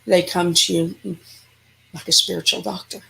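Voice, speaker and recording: A woman's voice: on the low side, normal speed, creaky, low-quality recording. A woman, a paranormal investigator, speaking emphatically and animatedly as an interview guest. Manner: emphatic, animated, laughs often. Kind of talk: casual interview chat.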